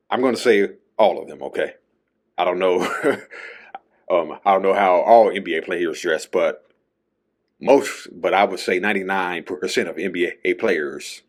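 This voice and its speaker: A man hosting his own show, talking through a casual solo monologue and tagging his points with a questioning "okay?". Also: sits low. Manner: chatty, tags lines with "okay?". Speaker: podcast host.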